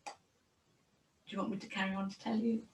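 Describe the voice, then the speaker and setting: A woman's voice: mid-range voice, fairly quick, recorded from a distance, noisy background. An older woman with a Birmingham accent, telling her life story as an interview guest in a chatty way, often repeating words. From Birmingham, England. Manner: chatty, lively, repeats words as she goes.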